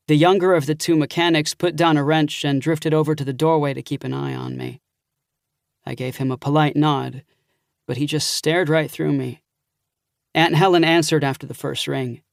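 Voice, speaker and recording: Gravelly male audiobook narrator, dry. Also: a little high, normal speed, no room sound. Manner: steady first-person storytelling with dialogue.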